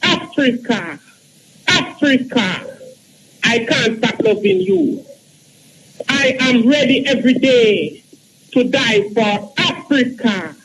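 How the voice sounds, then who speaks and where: A Jamaican man in his thirties reciting his own poem slowly, with earnest, chanting repetition. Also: extremely high pitch, rough recording. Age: 30s. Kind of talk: slow spoken-word poetry.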